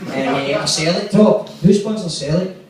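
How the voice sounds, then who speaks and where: A stand-up comedian from Glasgow, Scotland, tells profane, rambling stories in a Glaswegian accent, acting out the quotes while the audience laughs. His voice is a little high, at a moderate pace. The low-quality recording has heavy reverb, a distant mic and crowd noise.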